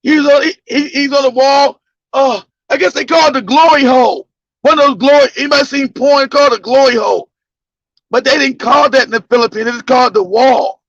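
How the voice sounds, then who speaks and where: Man, podcast storyteller, bright husky voice, rowdy and profane. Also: extremely high pitch, a little fast, no room sound. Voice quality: gravelly. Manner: loud, laughing, profane storytelling with bursts of shouting. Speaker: podcast host telling a story. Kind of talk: casual storytelling. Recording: dull lo-fi dry sound.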